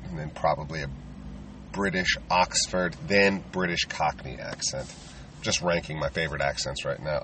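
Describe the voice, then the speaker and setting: A man's voice: deep voice, fairly bright tone, far from the mic, a little hiss or hum. A man, a touring stand-up comedian, rambling casually and self-deprecatingly with lots of fillers.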